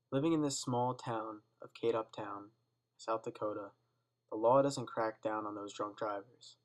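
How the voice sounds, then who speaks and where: A teenage boy reading a dark first-person school story aloud in a steady, subdued way. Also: on the low side, poor audio. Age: teens. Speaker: student reader.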